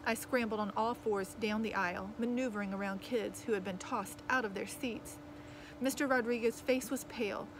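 A woman reading a children's novel aloud in lively, expressive first-person storytelling. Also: medium pitch, a little hiss or hum, poor audio. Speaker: audiobook reader.

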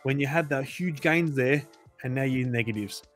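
A man's voice: mid-range voice, moderate pace, faint music behind. A man hosting a crypto channel, giving casual, emphatic advice to his viewers and repeating phrases for emphasis.

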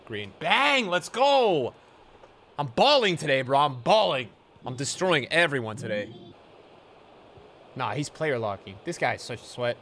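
A young adult man giving live commentary over his own video game matches, excitable, jumping from loud yelps to low muttering. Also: measured pace, long pauses. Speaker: gaming video creator.

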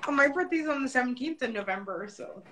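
A woman's voice: high voice, lively intonation, fast, bright, forceful tone, slight background noise, rough recording. A woman chatting casually on a live painting stream, rambling, repeating words and often saying like. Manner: rambling, repeats words and restarts, says like a lot. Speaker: participant. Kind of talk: casual chat.

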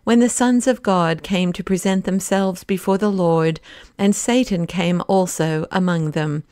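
A woman's voice: lowish voice, fairly even intonation, measured pace, a little mellow, clear, resonant tone, no room sound, studio quality, close to an everyday voice. A woman reading a sleepy, contented man in an audiobook, murmuring drowsily. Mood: drowsy.

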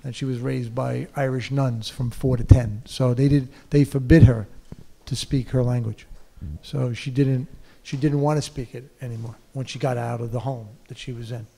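A man's voice: medium pitch, steady tone, moderate pace, gravelly, few pauses, warm tone. A man from the United States, a film director and actor, talking animatedly as a guest in an onstage conversation, full of "you know" and laughter.

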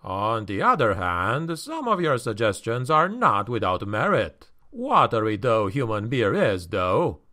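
A man voicing a surly, gruff male dwarf warrior who talks bluntly and scornfully. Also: fairly low pitch, very animated, measured pace, few pauses, sharp tone, heavily acted.

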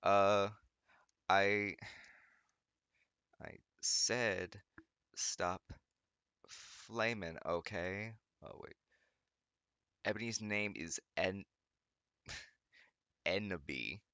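A man's voice: fairly low pitch, fairly even intonation, very slow, long pauses, pushed and bright, clean tone, dry recording, highs cut off. Sarcastic man stumbling through a reading. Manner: stumbling over words, frequently laughing and groaning. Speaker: YouTuber reading fanfiction aloud. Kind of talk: comedic reading with sarcastic commentary. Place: home studio.

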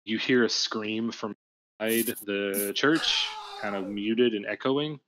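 A man's voice: on the low side, steady tone, takes it slowly, a bit bright, slight background noise, rough recording. A man narrating a tabletop game as game master, with many fillers and restarts.

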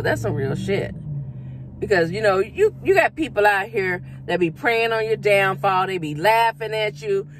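A woman, chatting casually as a vlogger in an animated, storytelling way. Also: medium pitch, slight background noise. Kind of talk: casual vlog chat. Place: outdoors at a bus stop, vehicles passing.

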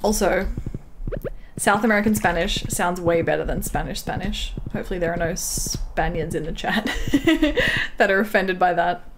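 A woman's voice: lowish voice, expressive, moderate pace, background noise. A young woman streaming a farming game, chatting and giggling as she reads out her viewers' messages. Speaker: livestreamer. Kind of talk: casual gameplay chat with viewers.

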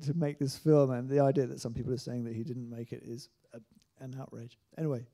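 A man's voice: medium pitch, fairly even intonation, normal speed, creaky, hardly any pauses, warm tone. A man speaking as a writer-director guest in an onstage panel discussion, hesitant, with frequent restarts and fillers.

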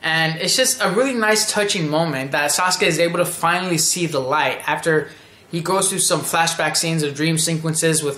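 A man with a bright, cutting voice that sits a little high. He rambles casually through an anime review and keeps jumping into characters' lines. The room around him is echoey.

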